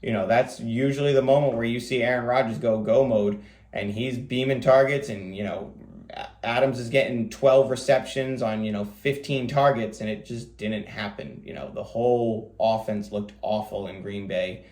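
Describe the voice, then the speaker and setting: A man hosting a fantasy football show, talking quickly in a casual, rambling way with lots of fillers. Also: mid-range voice, steady tone, darkish tone, roomy sound. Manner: rapid, rambling delivery with many fillers. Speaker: fantasy football podcast host. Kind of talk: casual solo commentary.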